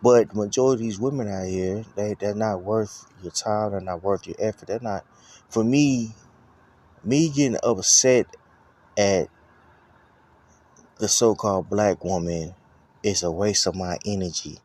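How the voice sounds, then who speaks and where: A man's voice: lowish voice, unhurried, long pauses, a little mellow. A man giving a casual personal testimony, rambling and profane, with lots of filler phrases. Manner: rambling, profane, full of "you know what I'm saying".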